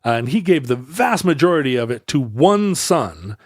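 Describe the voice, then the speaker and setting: A man's voice: mid-range voice, big pitch swings, normal speed, husky, dry recording, studio quality. A man co-hosting a podcast, telling a history story in casual chat, rambling and correcting himself, laughing easily.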